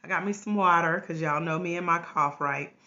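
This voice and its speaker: A woman hosting a casual livestream from home, hoarse with a cracking voice, chatting and greeting viewers by name through a tablet mic. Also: on the low side, a little fast, pushed and bright. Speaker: life coach trainer hosting a livestream. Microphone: tablet microphone. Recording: grainy lo-fi livestream audio.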